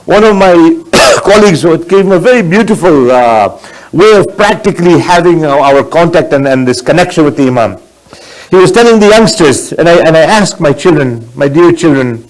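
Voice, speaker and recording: A man's voice: high voice, expressive, moderate pace, low-quality recording. A man giving a sermon as a sheikh, earnest and exhorting, mixing in Arabic religious phrases.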